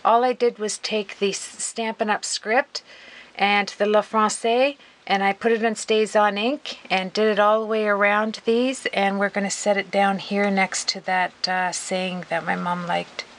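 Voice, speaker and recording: A woman's voice: mid-range voice, flat delivery, measured pace, a bit bright. A middle-aged woman from Canada filming and chiming in with jokes while her sister talks. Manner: joking, chiming in. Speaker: crafter filming the video. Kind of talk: casual chat.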